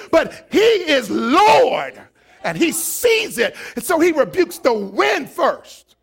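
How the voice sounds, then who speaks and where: A man preaching a sermon, animated and acting out voices, rising to shouted peaks. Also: very high-pitched, creaky. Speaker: pastor.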